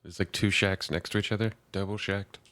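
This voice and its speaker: Very low-voiced laid-back man. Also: little pitch movement, fairly quick, a bit bright. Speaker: podcast co-host. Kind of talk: casual chat.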